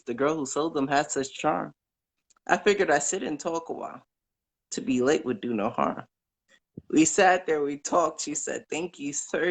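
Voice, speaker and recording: Man caller, fairly high voice, slow deliberate recitation of verse from memory, earnest. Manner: earnest, unhurried, halting between verses. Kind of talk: reciting poems from memory on a live call.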